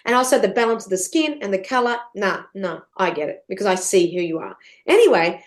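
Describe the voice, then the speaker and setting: A middle-aged woman, a podcast guest telling stories in an animated, chatty way, swearing freely and laughing often. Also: a little fast. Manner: swears freely, laughs often, big swings in pitch and loudness. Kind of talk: animated storytelling chat.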